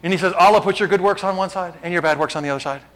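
A man preaching from the pulpit with a voice pitched a bit higher than most men's. He moves between relaxed asides to his congregation and loud, emphatic declarations that climb in pitch. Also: racing, poor audio. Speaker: pastor. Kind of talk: sermon.

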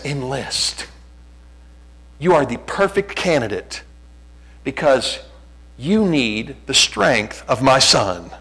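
A man's voice: medium pitch, vocal fry, a bit bright, husky, poor audio. A middle-aged man preaching a sermon as a pastor, conversational and self-deprecating, often restarting his sentences.

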